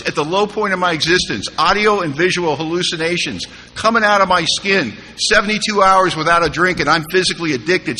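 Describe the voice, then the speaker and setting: A man telling his personal recovery story to a live audience, humorous and animated, with quoted dialogue. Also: high-pitched, a little hiss or hum. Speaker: recovery meeting speaker. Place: large conference hall. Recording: live hall recording with reverb.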